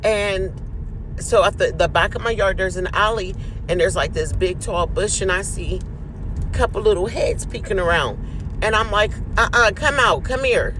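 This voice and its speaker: High-voiced man telling a story. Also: normal speed, noisy background. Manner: chatty, speaks straight to the audience as "y'all". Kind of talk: casual storytime to camera.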